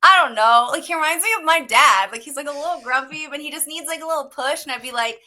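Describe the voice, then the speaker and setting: A young woman with a bright, slightly high voice tells stories from a shoot in a casual interview. She is bubbly and animated. She keeps slipping into little acted-out quotes between rapid "like"s. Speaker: actress guest.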